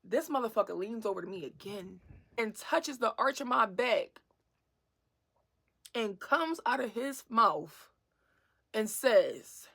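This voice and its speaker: A young woman telling a casual storytime, animated and swearing freely, laughing as she goes. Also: a little high, slow pace, vocal fry, pauses often, slightly rough.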